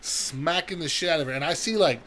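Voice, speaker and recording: A young man with a California accent telling a wild story on a podcast, profane and animated, acting out the quotes. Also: on the high side, a little fast, a little hiss or hum. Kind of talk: casual storytelling.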